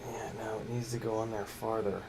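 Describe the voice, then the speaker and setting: A man's voice: on the low side, flat delivery, brisk, noisy background. Man muttering over a drone build. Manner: mutters and coaxes parts while working, loose and joking. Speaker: FPV drone streamer. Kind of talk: casual livestream chat while building.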